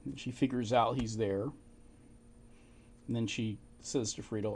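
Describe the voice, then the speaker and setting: Dude reading old case files out loud, laid back, lots of "you know". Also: male voice, medium pitch, steady tone, moderate pace, vocal fry, long pauses, husky. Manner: informal, chuckling asides, fillers like "you know". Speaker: amateur history narrator. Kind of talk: casual narration of archive documents.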